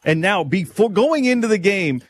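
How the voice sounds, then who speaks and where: A man's voice: sits high, animated, normal speed. A man co-hosting a sports talk show, chiming in with casual, chatty commentary. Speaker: sports radio co-host.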